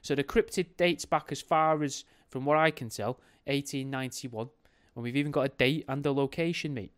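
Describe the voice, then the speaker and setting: A man's voice: mid-range voice, moderate pace, a bit bright. A man hosting a podcast in a casual, rambling, jokey way, often correcting himself mid-sentence. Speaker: podcast host.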